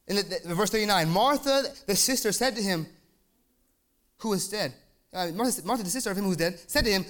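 A man preaching a sermon, emphatic and excitable, often repeating words and asking for amens. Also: high voice, brisk, pauses often. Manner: repeats words when fired up.

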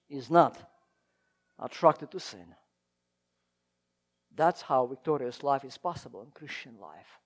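A man preaching a sermon, swinging from emphatic, loud lines to hushed ones, with slightly non-native phrasing. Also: mid-range voice, lively intonation, measured pace, long pauses. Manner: emphatic, rising and falling in volume.

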